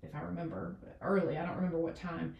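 A woman's voice: low voice, fairly even intonation, fast talker, vocal fry, distant mic, highs cut off. A woman in her forties, a doctor, chatting casually as an interview guest, talking in loose runs full of fillers and restarts. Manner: rambling, many fillers and restarts. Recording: echoey room, off the mic.

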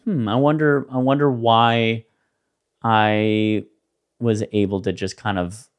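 A man's voice: fairly low pitch, fairly even intonation, slow pace, clear, resonant tone. A man co-hosting a podcast in casual, rambling chat, loose and full of fillers. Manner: laid-back, rambling with many fillers and laughs. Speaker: podcast co-host.

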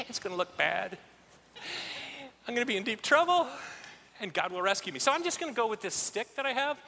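A man's voice: sits high, moderate pace, vocal fry, pauses often, slight background noise, exaggerated voice. A male pastor voicing an eager young man rambling through a risky plan, in an echoing hall. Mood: breezy. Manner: excitable, rambling, salesman-like. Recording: echoey hall.

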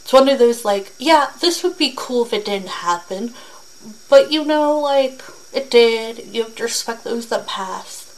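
A young woman talking earnestly in a casual vlog, reading facts aloud in a halting way with fillers and restarts. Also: fairly high pitch, expressive, slight background noise, rough recording.

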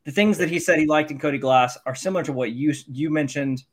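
Male co-host, slightly high voice, casual analytical sports talk. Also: fast, breathy edge. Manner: analytical, stat-focused breakdown. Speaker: podcast co-host.

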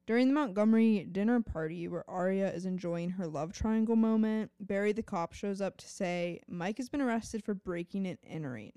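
A woman co-hosting a podcast, briskly summarizing with dry, wry asides. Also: mid-range voice, animated, mellow, clear, resonant tone, dry recording. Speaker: podcast co-host. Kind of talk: casual recap of a TV episode.

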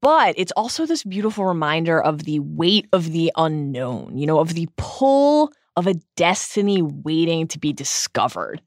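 A woman podcast co-host talks through a book, emphatic and earnest. Her voice sits a little low and moves with animated swings. The sound is close and dry. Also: normal speed, few pauses, dry recording.

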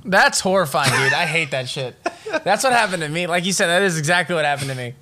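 A young man co-hosts a casual podcast, his voice bright and full of lively ups and downs. He throws in quick, excitable jokes as he reacts to each story. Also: fairly high pitch. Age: young adult. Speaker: podcast co-host.

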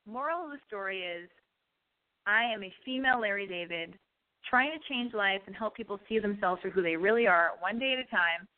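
A woman hosting a call-in show, telling a profane story in an animated, ranting way. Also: medium pitch, brisk. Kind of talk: call-in radio monologue. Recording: tinny phone-like sound.

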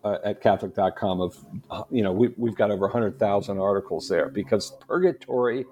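A man as a guest on a podcast interview, an animated storyteller who laughs often. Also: lowish voice, a little fast, lo-fi sound, a little hiss or hum. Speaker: guest, Catholic apologist.

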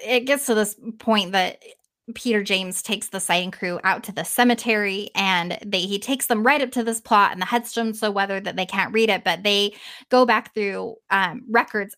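A woman podcast host casually retelling a story in an animated way, swearing freely and trailing off now and then. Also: medium pitch, gravelly.

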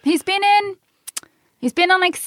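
High, bright woman chatting. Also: no room sound. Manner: chatty, rambling, quick to laugh. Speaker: podcast co-host. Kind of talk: casual chat.

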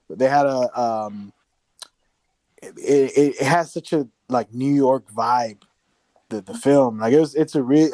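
Dark-voiced rambling man on a podcast. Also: mid-range voice, no echo. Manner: rambling with many restarts, swears casually. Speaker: podcast co-host. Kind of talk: casual podcast chat.

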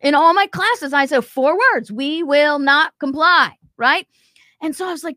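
A woman's voice: sits high, a little slow, bright, forceful tone, no echo. A woman hosting a commentary show, talking emphatically and acting out quotes as she reacts to a video. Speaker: show host.

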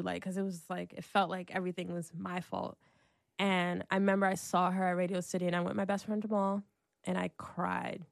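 A woman in her thirties talks openly as a guest in a relaxed conversation. She is chatty and filler-heavy, with ready laughter. Her voice sits at a middle pitch, recorded dry and close. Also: no echo. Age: 30s. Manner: chatty, leans heavily on "like", laughs often. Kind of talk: casual heartfelt conversation.

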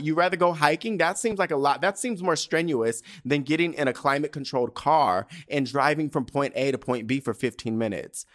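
A man's voice: a little high, a little fast, fairly bright tone. A man from San Diego hosting a podcast, telling a story in a brash, campy, profane casual monologue full of restarts. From San Diego, California. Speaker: podcast host.

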